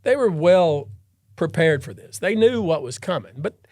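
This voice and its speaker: A man hosting a podcast, a trial lawyer telling a story in an animated, dramatic way and acting out the scenes. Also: fairly high pitch, moderate pace, no echo, studio quality. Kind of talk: casual storytelling chat.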